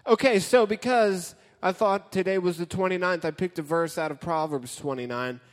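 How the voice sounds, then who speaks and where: A man's voice: high voice, moderate pace. A man giving a casual, joking sermon as a youth pastor, talking straight to his audience. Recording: hall with long reverb.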